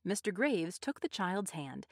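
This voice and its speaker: A woman narrating a short story in a measured, expressive audiobook style. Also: fairly low pitch, no echo, clean studio sound.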